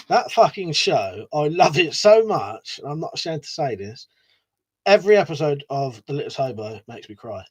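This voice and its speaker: A man's voice: mid-range voice, slightly rough. A man hosting a casual live stream, rambling, swearing a lot and laughing as he reads out viewer comments. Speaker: livestream host.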